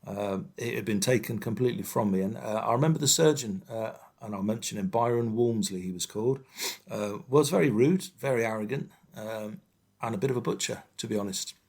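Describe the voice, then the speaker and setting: Man, 50s, low-ish voice, candid interview guest, halting with fillers. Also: a little mellow, slightly rough. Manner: frank, hesitant, many fillers. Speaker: firefighter guest.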